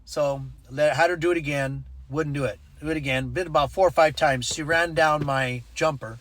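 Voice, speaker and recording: A man's voice: fairly high pitch, fairly even intonation, normal speed, a bit bright. A man telling a personal story in a casual vlog, acting out the voices in it and adding preachy asides. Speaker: ministry network leader.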